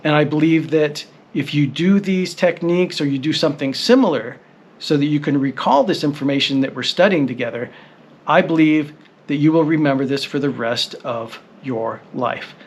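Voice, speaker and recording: A man's voice: on the high side, slightly rough. Encouraging man teaching a language. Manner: patient, encouraging, slow spelled-out syllables. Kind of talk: recorded language lesson.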